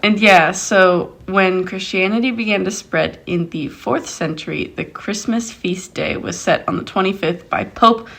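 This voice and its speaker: A woman's voice: medium pitch, measured pace, gravelly, few pauses, a bit bright. A woman co-hosting a casual podcast, playful and giggly with goofy asides. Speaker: podcast co-host.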